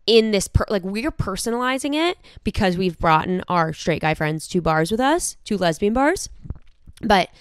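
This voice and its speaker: Smooth-voiced young woman podcast co-host. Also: mid-range voice, animated, normal speed, no echo, clean studio sound. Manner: emphatic, acts out quoted reactions. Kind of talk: casual chat.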